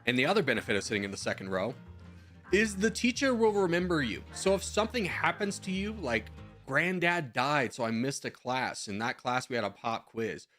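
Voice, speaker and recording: A man's voice: medium pitch, very animated, a little fast, fairly bright tone, soft background music. A man in his twenties, a streamer in casual chat, giving rambling advice with slang and the odd swear while answering viewer messages.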